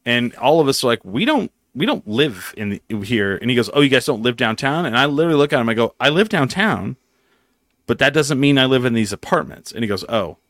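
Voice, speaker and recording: A man in a dry, close-miked room spins a rambling story, swearing freely and slipping into the voices of the people he quotes. His pitch sits in the middle for a man, and his delivery is loose and conversational. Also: a little fast, no echo. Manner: profane, animated storyteller acting out quotes. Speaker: podcast host. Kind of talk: casual storytelling chat.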